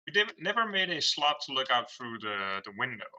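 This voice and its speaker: A man's voice: mid-range voice, sing-song, fairly quick, bright, forceful tone. A man playing in a tabletop game, chatty and rambling, with lots of fillers. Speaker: player. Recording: dull lo-fi recording.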